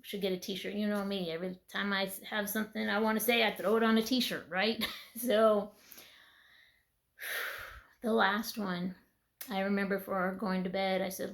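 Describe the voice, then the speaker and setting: A woman speaking in a conversational, earnest way as she shares a personal faith testimony. Her voice has a gravelly edge. She sounds tired and teary, sometimes dropping into a whisper. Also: medium pitch, level tone, moderate pace, pauses often. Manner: earnest, conversational, with soft laughs and trailing whispers.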